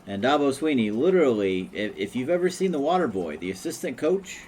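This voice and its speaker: A man's voice: mid-range voice, sing-song, fairly quick, a little mellow. Laid-back man with faint background noise. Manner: laid-back, short interjections. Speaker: podcast co-host. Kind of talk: casual chat.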